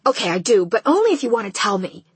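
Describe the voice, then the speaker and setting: A bubbly, blunt teenage best friend with a sassy bite, as a woman puts her on for an audiobook. Her voice jumps well above the reader's own and comes out louder and brighter, still with a husky edge, close and dry. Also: on the high side, sing-song, fast, dry recording, heavily acted.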